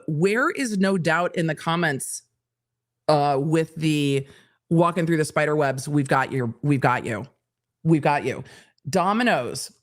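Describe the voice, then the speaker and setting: A woman hosting a live stream, reading out social media replies with laughing, incredulous reactions. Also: deep voice. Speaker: host.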